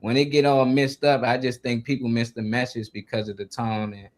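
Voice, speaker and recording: A man's voice: medium pitch, a little fast. A man talking casually on a talk show, building his point with lots of "like" and "you know", and now and then acting out the voices of others. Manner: animated, acts out yelling coaches and sergeants.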